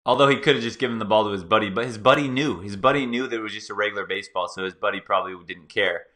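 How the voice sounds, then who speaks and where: A male host giving excited, playful reaction commentary on a clip, talking straight to his viewers. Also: fairly low pitch, racing.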